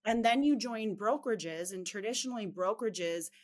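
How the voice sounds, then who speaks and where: A woman's voice: medium pitch, moderate pace. A woman from Chicago with a light Chicago accent, an upbeat, direct interview guest who laughs easily. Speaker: real estate coaching head.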